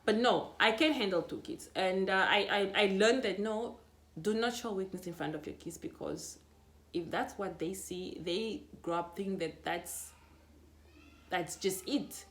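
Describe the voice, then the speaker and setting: Young Namibian woman, casual vlogger, animated storyteller, mid pitch. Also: a little slow. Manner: chatty and animated, laughing, full of restarts. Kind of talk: casual reflective vlog.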